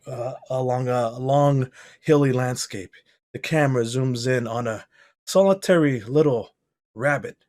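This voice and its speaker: Man narrating a tabletop game scene. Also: medium pitch. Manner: cinematic scene-setting narration; playful banter with players. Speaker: game master.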